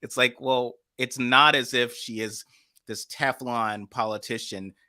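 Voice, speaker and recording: A man co-hosting a casual political chat, animated and sarcastic, with quick asides. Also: medium pitch, no echo, studio quality. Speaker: political blog co-host.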